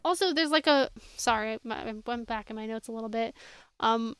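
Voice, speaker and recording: Exasperated smooth-voiced woman host. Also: a little high, brisk, a bit bright, no room sound. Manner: exasperated, sarcastic, reads from notes. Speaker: podcast co-host. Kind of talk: casual recap chat.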